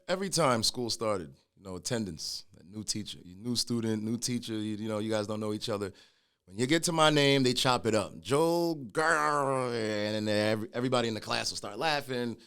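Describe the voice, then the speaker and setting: A middle-aged man, a guest telling his own story in a casual conversation, animated and acting out the voices of people he quotes. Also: lowish voice, brisk, smooth. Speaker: guest, clothing brand founder.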